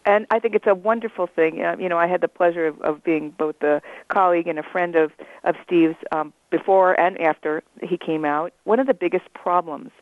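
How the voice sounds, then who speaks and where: A woman calling in as an expert guest on a radio talk show, agreeable and quick to laugh. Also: on the low side, no room sound. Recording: tinny phone line.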